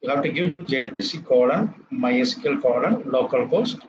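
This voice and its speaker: A man's voice: medium pitch, lively intonation, a little fast, a little mellow, lo-fi sound, slight background noise. A man with an Indian English accent teaching a live coding lecture. He repeats terms and checks in with "right?" after each step.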